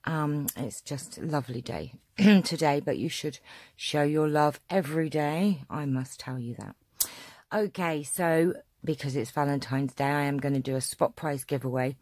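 A woman from England hosting a casual craft tutorial, chatty and homely, slightly hoarse and often clearing her throat. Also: deep voice, moderate pace, darkish tone, no echo. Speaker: craft channel host.

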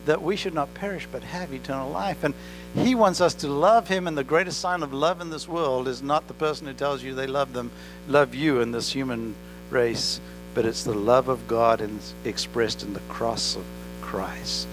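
A man's voice: medium pitch, normal speed, music in the background, poor audio. A male pastor preaching an earnest sermon, telling a story with rising and falling emphasis. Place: church. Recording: church recording with electrical hum.

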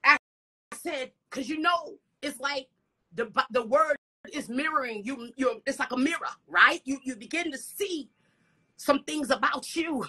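Woman preacher, high bright voice, fervent sermon delivery with whispered asides. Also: normal speed. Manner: breathy whispered asides, repeated "come on" and "hallelujah".

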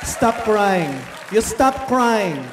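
A man playing a bossy, proud Filipina woman English teacher with a Filipino accent and clipped broken English, loud and scolding, on a comedy stage. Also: sits high, lively intonation, normal speed, crowd noise, background noise. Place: comedy stage before a live crowd. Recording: echoey live stage, loud audience laughter.

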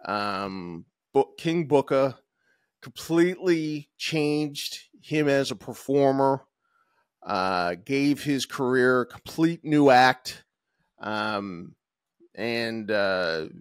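A man co-hosting a talk podcast, rambling through his points with lots of "um" and "uh" and restarted sentences. His voice sits at an ordinary middle pitch, recorded close and dry with no room sound. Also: animated, extremely slow, clear, resonant tone, no echo. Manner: rambling, many fillers and restarts. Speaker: podcast co-host. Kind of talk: casual chat.

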